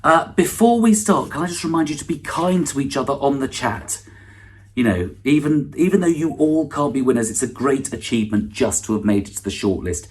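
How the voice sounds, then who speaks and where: A middle-aged man hosts an online awards ceremony as a comedian, delivering a dry, self-deprecating stand-up monologue packed with false starts and asides. His voice sits at medium pitch, expressive and fairly quick.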